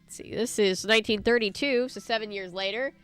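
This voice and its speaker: A woman's voice: mid-range voice, fairly quick, clean tone. Woman as game host, casual commentary, coughing, faint music behind. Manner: chatty, self-deprecating, thinks aloud. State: coughing, allergies. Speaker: let's play host.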